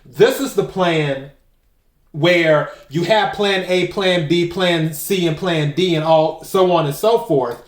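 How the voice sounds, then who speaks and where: A man with a high voice gives an oracle card reading straight to the camera, taking his time over every word. He leans on key phrases and says them again for emphasis. The sound has the echo of a bare room at home. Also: slow pace. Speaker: tarot and oracle card reader.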